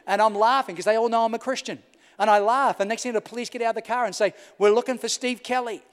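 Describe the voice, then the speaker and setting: Here an Australian pastor narrates during his sermon, talking fast and smoothly with fairly even intonation, yet still rising into loud bursts and sinking to near-whispers. His rather high male voice carries across a large hall, trailed by a long reverb.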